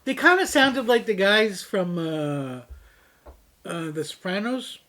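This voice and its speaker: A man's voice: high voice, very animated, slow pace, bright, forceful tone. A man from Canada co-hosting a casual beer review chat, playful and rambling, steering topics along with little asides. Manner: playful, rambling, says "anywho" to move on. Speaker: co-host of a beer review show.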